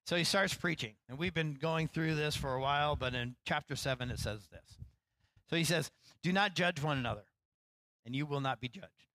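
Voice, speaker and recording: A man, a pastor, preaching a sermon in a relaxed, conversational way, acting out lines with rising animation and poking fun at himself. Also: on the high side, normal speed, no echo, rough recording. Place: church.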